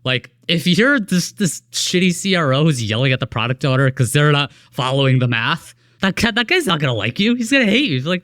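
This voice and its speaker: A man's voice: fairly high pitch, sing-song, fairly quick, hardly any pauses, pushed and bright, dry recording, clean studio sound. A man co-hosting a podcast, talking casually and with energy, swearing now and then and acting out quoted coworkers. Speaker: podcast co-host. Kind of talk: casual conversation.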